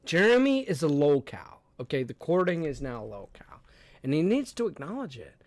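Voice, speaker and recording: A man's voice: a little high, very animated, fairly quick, no room sound. A young adult man hosting a livestream, rambling and cursing, laughing often as he reads and answers chat. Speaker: streamer host.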